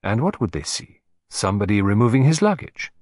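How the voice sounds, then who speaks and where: Man doing a vain older Belgian sleuth for a storybook, pompous, lively intonation, dry sound. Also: on the low side, dry recording. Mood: musing. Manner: pompous, playful, dramatic pauses. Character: vain, theatrical older male Belgian detective.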